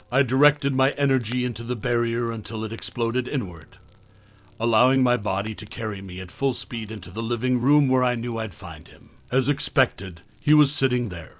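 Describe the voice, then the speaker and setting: Steady male horror story narrator. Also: mid-range voice.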